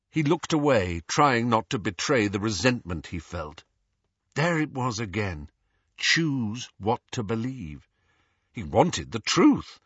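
A man narrating an audiobook with expressive, varied storytelling. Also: fairly low pitch, slow pace, breathy edge, no echo. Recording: dull lo-fi dry audio.

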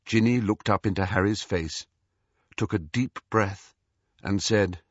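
A man reading an audiobook as narrator, in a measured storytelling way. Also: lowish voice, no room sound. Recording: dull, slightly muffled dry audio.

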